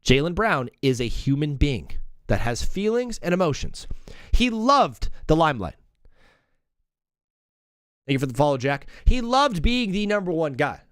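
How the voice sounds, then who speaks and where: A man hosting a live sports comedy call-in stream, bantering with callers in an energetic, joking, rambling way. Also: on the high side, normal speed, long pauses, clear, resonant tone, no room sound, studio quality.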